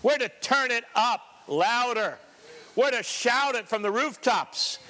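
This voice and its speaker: Bright-voiced, high-pitched preaching man. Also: animated, measured pace. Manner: emphatic, repetitive preaching with joking asides. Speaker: pastor. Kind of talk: sermon.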